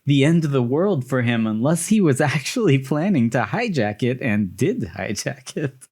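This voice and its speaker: A man's voice: medium pitch, very animated, moderate pace, darkish tone, husky. Guy on a movie podcast, chatty, lots of likes and laughs, mid voice. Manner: chatty, laughs often, many "like" fillers. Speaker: podcast co-host. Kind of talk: casual chat.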